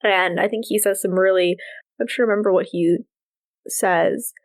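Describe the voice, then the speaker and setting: A young woman co-hosting a podcast in casual chat, animated and laughing often as she acts out what characters say. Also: mid-range voice, normal speed. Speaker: podcast co-host.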